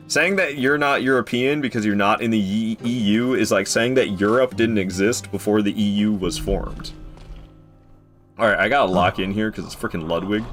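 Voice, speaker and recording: A man streams a video game and keeps up a chatty, joking running commentary for his viewers. He is quick to mock himself when things go wrong. His voice sits in an ordinary middle pitch, with clear game music playing underneath. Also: a bit bright. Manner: chatty, joking, self-deprecating. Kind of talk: casual gaming commentary.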